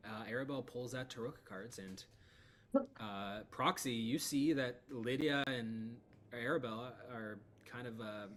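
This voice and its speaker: A man's voice: mid-range voice, measured pace, a bit bright. A man narrating as game master of a tabletop game, in a casual, filler-heavy way.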